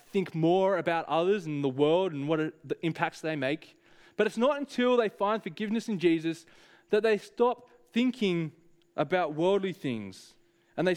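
A man's voice: sits high, clean tone. A man preaching a sermon, speaking earnestly and directly to the congregation with frequent hesitations.

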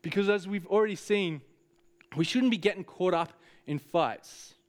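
Male preacher, fairly high voice, earnest, direct, hesitant fillers, sermon delivery. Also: moderate pace.

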